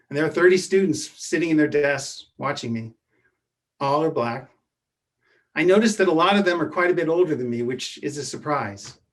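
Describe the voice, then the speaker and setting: A man telling a true personal story from his youth, in a measured way that often drops to a hushed voice. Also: on the high side. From Edwardsville, Illinois.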